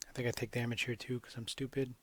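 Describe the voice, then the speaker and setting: A man's voice: medium pitch, little pitch movement, fast, fairly bright tone, dry recording. A man casually commentating his gameplay with wry, sarcastic asides. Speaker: gamer commentating a speedrun.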